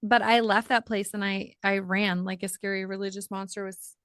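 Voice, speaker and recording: A middle-aged woman, a podcast guest, telling her personal story in an animated way and acting out the voices in her quotes. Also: medium pitch, normal speed, smooth, no echo, studio quality. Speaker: podcast guest, author and ministry founder.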